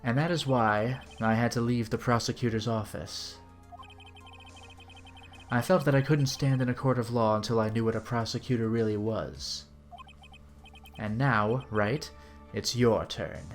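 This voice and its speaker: A man voicing a composed, stern male prosecutor who speaks in a measured, lecturing way. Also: medium pitch, faint music behind, voice pushed down, natural voice.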